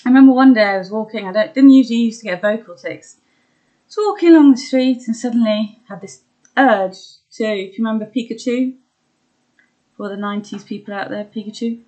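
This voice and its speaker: A young woman talking candidly about her own experiences, hesitant with many pauses and ums, laughing at herself at times. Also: a little high, warm tone, poor audio. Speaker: vlogger sharing her illness experience. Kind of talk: candid personal chat.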